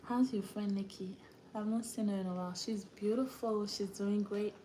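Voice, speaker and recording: A woman's voice: medium pitch, steady tone, normal speed, dark tone, echoey room, slight background noise. A woman with an African accent hosting a casual livestream chat, often breaking into laughter and acting out the voices she quotes. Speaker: livestream host.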